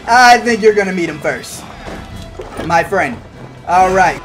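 A man giving excitable, slangy let's-play commentary to viewers, bursting into loud cheers. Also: high voice, slow pace. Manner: slangy and chatty, talks straight to viewers. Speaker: gamer playing through a video game. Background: game music and sound effects.

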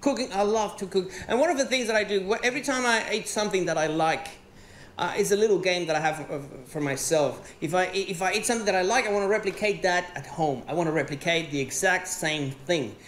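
A man from Venezuela with a Venezuelan accent and Spanish as his first language, performing a sweary, animated stand-up routine on stage. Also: high voice, brisk, a little hiss or hum. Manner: animated, swearing, rising to exclaim. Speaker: stand-up comedian. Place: stage in a comedy venue with live audience. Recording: roomy live venue sound.

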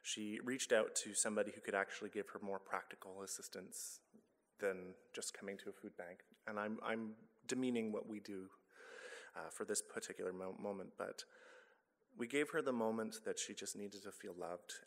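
A man speaks to a congregation in a fairly low voice. His talk is earnest and conversational, with the odd stumble and self-correction, and it rings through a church hall with a long reverb. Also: fairly even intonation, normal speed. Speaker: guest speaker, charity director. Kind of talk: church talk with personal story. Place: church sanctuary.

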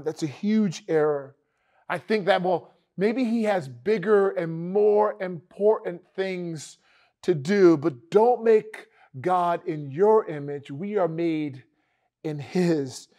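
Male pastor, high voice, conversational sermon with emphatic repeats, online church service. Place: church online worship video.

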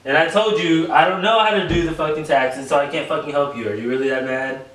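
A man with a somewhat high voice nags in an exasperated, repetitive way. He is picked up from across a very echoey room with a faint hiss behind him, and the casual home-vlog sound is plain. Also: fairly even intonation, fast, a bit bright. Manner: exasperated, nagging, repeating himself. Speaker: vlogger. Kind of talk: casual prank video talk. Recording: echoey room, mic far off, faint noise.

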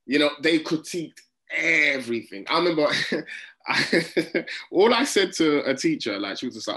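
A man's voice: a little high, animated, normal speed, bright, forceful tone. Give me a man with a London accent who chats animatedly and acts out the voices of the people he quotes. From England. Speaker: comedian guest. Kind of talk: casual interview chat.

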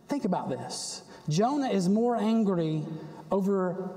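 A man preaches a sermon in a church sanctuary, acting out the prophet's complaints as his voice climbs. His voice sits high but mellow. A long reverb from the hall trails each phrase. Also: takes it slowly. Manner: animated, acts out the prophet's complaints with a rising voice.

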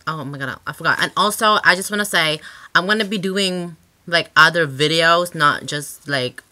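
A woman's voice: sits low, normal speed, bright, forceful tone. A woman hosting her own channel in a casual vlog chat, rambling and sassy, swearing freely with lots of filler words. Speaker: channel host.

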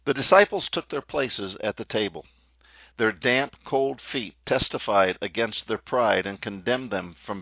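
Gravelly man preaching a dramatic sermon. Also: medium pitch, dry recording. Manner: dramatic storytelling, slows on key phrases. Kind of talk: sermon narration retelling scripture. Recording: dull, dry lo-fi recording.

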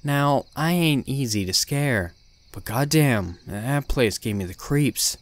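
A man's voice: medium pitch, lively intonation, slow pace. A man reading a first-person horror story in a blunt, swearing, tough-guy voice. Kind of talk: scripted horror narration.

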